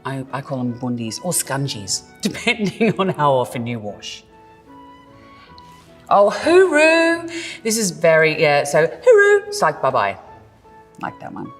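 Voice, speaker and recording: A woman's voice: extremely low pitch, very animated, normal speed, in a large hall, faint music behind. An Australian woman who acts, explaining slang in a jokey, self-mocking way and drawing out words. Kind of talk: playful scripted explainer.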